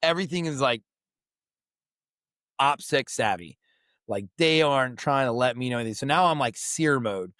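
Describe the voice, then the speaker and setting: Gruff storytelling veteran, swearing freely. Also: male voice, mid-range voice, lively intonation, moderate pace, long pauses, fairly bright tone, no room sound. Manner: swears freely and acts out quoted voices. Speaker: podcast guest, military veteran. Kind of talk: casual storytelling chat.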